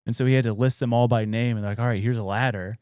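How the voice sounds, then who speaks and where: A man's voice: mid-range voice, steady tone, very fast, darkish tone, clear, resonant tone, no echo, clean studio sound. A young adult man, a podcast co-host, casually retelling a spooky old story with loose fillers and quoted dialogue.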